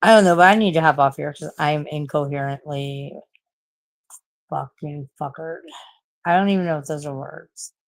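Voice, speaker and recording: A woman's voice: sits low, moderate pace. A woman in her forties chatting casually on a late-night live stream, rambling, swearing a lot and laughing at herself. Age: 40s.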